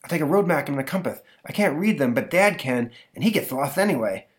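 A man's voice: a little high, brisk, voice pushed up, lightly acted. A man voicing a mischievous six-year-old boy who speaks with a lisp. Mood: pleading. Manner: excited, pleading.

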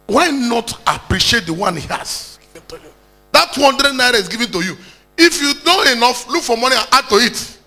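A man's voice: extremely high pitch, lively intonation, moderate pace, pushed and bright, soft background music. A Nigerian man preaching a sermon, exhorting the congregation and calling out for hallelujahs.

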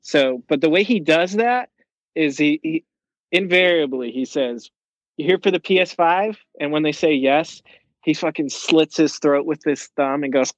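A man's voice: on the high side, unhurried, dry recording, lo-fi sound. A young man telling a long, rambling story in casual chat, swearing and using lots of fillers.

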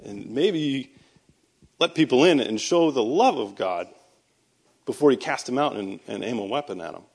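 A man's voice: mid-range voice, animated, moderate pace, vocal fry, a little mellow, breathy edge. A man, a Christian speaker, giving a personal testimony sermon in a conversational storytelling way, with sarcastic asides and emphatic bursts. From United States. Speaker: Christian speaker and army veteran.

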